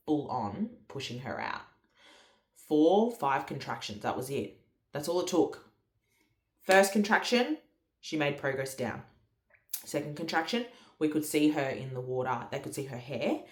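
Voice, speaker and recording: A woman's voice: low-pitched, expressive, moderate pace, reverberant. A woman, telling a story in a chatty, casual way with lots of fillers. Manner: chatty, many fillers and quoted dialogue. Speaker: vlogger.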